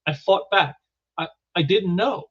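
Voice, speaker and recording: A man's voice: high-pitched, a little slow, fairly bright tone, slightly rough, full character voice. A man reading aloud the lines of the Hulk, a huge angry male brute, on a dull lo-fi recording.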